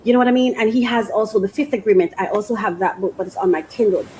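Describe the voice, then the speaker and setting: A woman hosting a faith podcast, talking casually and emotionally, laughing often and slowing down when she reads aloud. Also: medium pitch, a little hiss or hum, poor audio. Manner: emotional and expressive, laughs often, restarts sentences; slows down when reading aloud. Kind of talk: casual reflective monologue.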